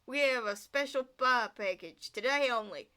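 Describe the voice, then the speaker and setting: A woman's voice: normal speed, pushed and bright, clear, resonant tone. A woman doing a creepy old spa owner. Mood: smarmy. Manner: pushy sales pitch.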